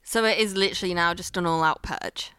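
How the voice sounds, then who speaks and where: A woman's voice: lowish voice, a little fast, sharp tone, smooth, no room sound, studio quality. A woman reacting to a story in casual chat, amused and wry, laughing often.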